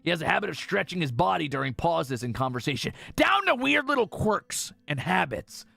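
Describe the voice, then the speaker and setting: A man streaming a game in casual commentary, reading game text aloud with excited asides. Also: fairly high pitch, fairly quick, creaky.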